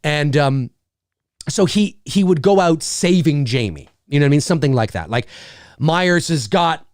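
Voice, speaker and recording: A man hosting a casual monologue, talking in an animated way, acting out scenes with loud exclamations, swearing and lots of fillers. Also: a little high, normal speed, no echo, clean studio sound. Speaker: host.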